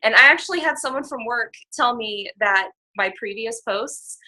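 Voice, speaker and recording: A woman's voice: fairly high pitch, normal speed, bright, forceful tone. A young woman coach talking casually on a team call, chatty and candid, with lots of fillers, a sarcastic streak and frequent laughs. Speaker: fitness coach.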